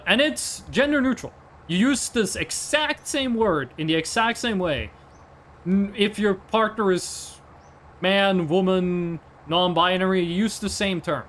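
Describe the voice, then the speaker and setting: A man's voice: sits high, animated, takes it slowly, a bit bright, a little hiss or hum. A Norwegian man with a Norwegian accent, chatting casually as a streamer, rambling and swearing often. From Norway. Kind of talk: casual chat.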